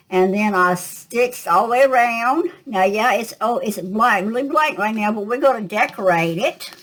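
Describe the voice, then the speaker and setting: A woman's voice: on the high side, fairly bright tone, poor audio. An older woman, casually talking through a craft tutorial and thinking aloud as she works, with a slight cough. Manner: chatty, thinking aloud with fillers. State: coughing at times.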